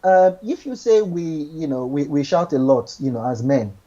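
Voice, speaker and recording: A man's voice: fairly high pitch, expressive, normal speed, warm tone, lo-fi sound. A man giving relationship advice in a casual chat, earnest, often repeating and restarting his words.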